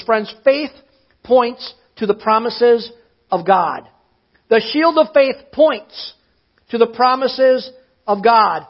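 A pastor preaching a sermon, emphatic, often slowing down to stress his words. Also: very high-pitched, lo-fi sound.

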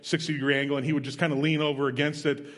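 A man's voice: fairly high pitch, flat delivery, very fast, a bit bright. A man preaching a sermon, retelling a story in a plain, conversational way with emphatic asides. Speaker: missionary preacher. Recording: long reverb of a large hall.

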